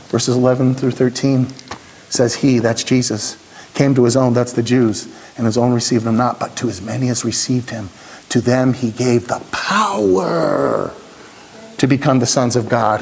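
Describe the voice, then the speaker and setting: A male pastor delivering a sermon in a church, dropping low and slow on key words and rising to urgent questions. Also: a little mellow, a little hiss or hum.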